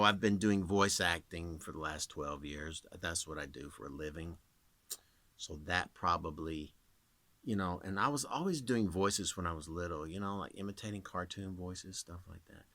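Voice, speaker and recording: A man's voice: low voice, fairly bright tone, no echo. A man in his thirties who works as a voice actor, rambling casually to camera and demonstrating voices as he explains.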